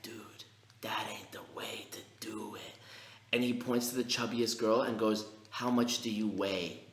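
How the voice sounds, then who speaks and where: A man co-hosting a casual podcast, telling animated stories loaded with profanity and slang. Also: on the low side, echoey room. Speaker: podcast co-host. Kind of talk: casual chat, storytelling.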